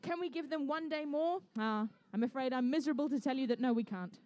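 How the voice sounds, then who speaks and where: A woman's voice: sits high, quick pace, mellow, no room sound, lo-fi sound. A woman commentating a live competition, bubbly and jokey, chatting with the crowd between rounds. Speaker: event commentator and MC.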